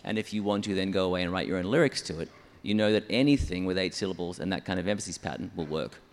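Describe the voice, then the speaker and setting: This church songwriter talks fast in a low-pitched voice, his words echoing through a large hall. During the interview he methodically explains his approach one step at a time, counting syllables aloud.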